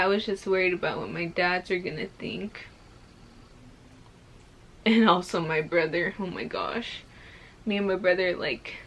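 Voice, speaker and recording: There's a faint hiss or hum as a young vlogger, currently pregnant, speaks to the camera in a medium-pitched, slightly bright voice. She tells a personal story slowly and casually, packed with "like" and other fillers, as her emotions build.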